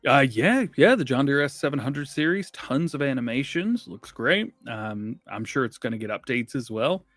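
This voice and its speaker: A man's voice: mid-range voice, lively intonation, moderate pace, fairly bright tone, no room sound. A man co-hosting a casual gaming podcast, chatty and rambling, laughing often. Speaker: podcast co-host.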